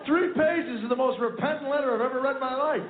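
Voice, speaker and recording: A middle-aged man tells a long family story as stand-up comedy, acting out each part of the dialogue and landing wry punchlines. His voice sits high. The recording sounds tinny and echoey, with faint noise underneath. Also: fast talker, crowd noise.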